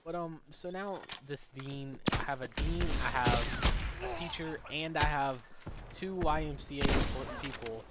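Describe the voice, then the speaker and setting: Young male streamer, raised pitch, profane and animated, heavy game gunfire in the mix. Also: unhurried, very noisy. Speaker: streamer telling a story. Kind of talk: casual storytime while gaming. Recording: loud game gunfire underneath. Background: video game gunfire and voice lines.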